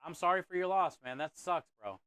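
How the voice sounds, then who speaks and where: Casual male streamer, slightly high pitch, dry close mic, friendly and chatty with viewers. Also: animated, a little fast, a bit bright, clean tone, dry recording. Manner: friendly, chatty, addresses viewers as bro and dude. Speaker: streamer host of a cooking stream. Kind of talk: casual live-stream chat reading comments. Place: kitchen or food truck.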